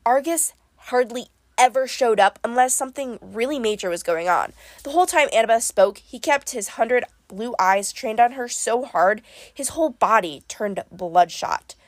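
Female audiobook narrator, expressive storyteller, dry studio sound. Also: a little high, normal speed, no echo. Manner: expressive, lively first-person storytelling. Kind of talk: audiobook reading.

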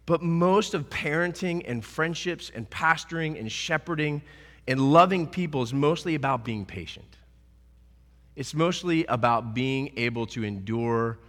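Bright, animated male preacher in a reverberant hall. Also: mid-range voice. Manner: earnest, animated preaching with acted-out quotes. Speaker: pastor. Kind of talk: sermon.

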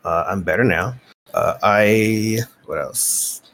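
Speaking slowly in a lowish voice, a man hosting a podcast works through a long, casual story. He's a lively, foul-mouthed narrator who voices each side of the exchanges.

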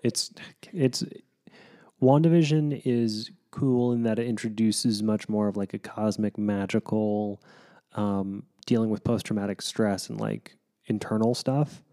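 A man's voice: lowish voice, steady tone, measured pace, dark tone. A man co-hosting a casual podcast, chatting loosely with lots of fillers. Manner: rambling, with many fillers. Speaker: podcast co-host. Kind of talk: casual chat.

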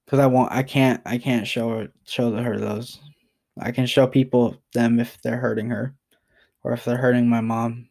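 Young man, personal vlog, emotional and halting, flat monotone, loose and rambling delivery. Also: mid-range voice, gravelly. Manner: rambling, halting, repeats himself and apologizes. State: emotional, near tears.

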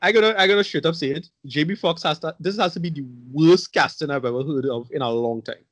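A man's voice: fairly high pitch, fast talker, no room sound. A man in casual podcast chat reviewing a movie, blunt, rambling and profane.

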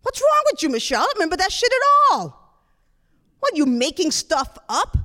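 A woman voicing her blunt, dismissive adult brother, mocking at first and then flatly calm, inside a story told in a reverberant hall. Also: very high-pitched, moderate pace, voice pushed up, heavily acted. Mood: scoffing.

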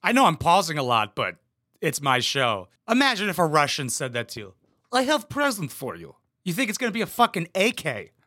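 A young man riffs over a reality show clip, firing off crude jokes in a deadpan, sarcastic tone at a brisk pace. His voice is bright, forceful, and a little high for a man, recorded dry and close with no room sound.

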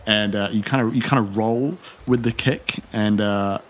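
A man's voice: fairly low pitch, moderate pace, highs cut off, slight background noise. A man narrating as game master of a tabletop role-playing game, rambling with fillers and restarts.

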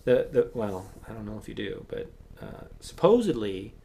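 A man preaching a sermon as pastor, acting out Bible voices and swinging between loud emphasis and hushed asides. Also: fairly low pitch, very animated, moderate pace, creaky, a little hiss or hum.

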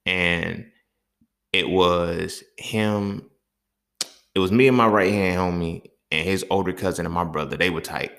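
A man hosting a podcast, telling stories in a casual monologue with profane, streetwise, animated talk. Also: low voice, unhurried, creaky. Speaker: podcast host.

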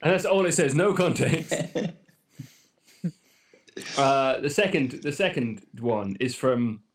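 A man's voice: medium pitch, lively intonation, slow pace, a little hiss or hum. A man co-hosting a podcast in casual banter, teasing and laughing often. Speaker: podcast co-host.

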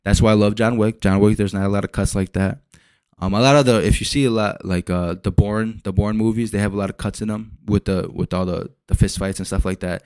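Young man ranting casually, low voice, dry sound. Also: brisk, clean tone, no room sound. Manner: rambling, profane, animated retellings. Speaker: podcast host. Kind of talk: casual solo podcast rant.

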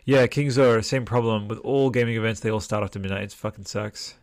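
A tired man hosts a livestream at his home desk, talking into a close desktop mic in a somewhat low voice. His delivery is loose and rambling as he reads viewer comments aloud, with the odd curse word. The sound is dry, with no room echo. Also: fairly even intonation, brisk. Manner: rambling, chatty, swears freely. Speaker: podcast host. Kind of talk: casual livestream chat reading viewer comments. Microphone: desktop mic with headphones.

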